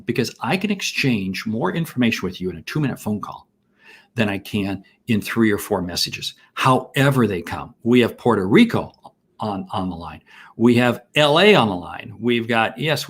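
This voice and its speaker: Husky, lively man teaching sales. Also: medium pitch. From United States. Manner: enthusiastic, shouts out to viewers, rhetorical questions. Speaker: sales trainer hosting a live masterclass. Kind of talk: energetic live-stream teaching.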